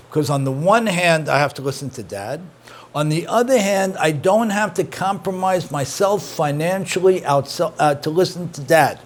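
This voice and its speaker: A middle-aged man, a rabbi teaching an interactive class, who repeats his points and praises his students' answers. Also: fairly high pitch.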